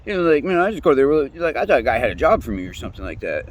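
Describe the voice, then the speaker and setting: A man's voice: medium pitch, big pitch swings, very fast, a little hiss or hum. Rambling, profane young man. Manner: profane, rambling, repeats himself; restarts and trails off often. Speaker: vlogger telling his own story. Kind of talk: casual storytelling rant.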